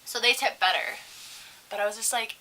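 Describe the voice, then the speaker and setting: A young woman co-hosting a casual chat, telling profane, animated stories about her job as a server. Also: on the high side, a little fast, poor audio. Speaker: co-host.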